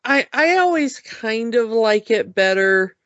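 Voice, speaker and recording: A relaxed podcast co-host in casual chat, talking at an unhurried, slow pace and leaning on filler words. The recording is dry and close, with a dull lo-fi tone. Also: mid-range voice, dry recording. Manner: relaxed, many "you know" fillers. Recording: dull lo-fi sound.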